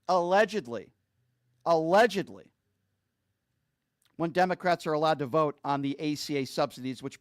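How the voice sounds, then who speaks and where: A man with a slightly high voice rants angrily about politics to camera, recorded cleanly through a streaming mic in a studio with no room sound. He drives his points home with repeated rhetorical questions.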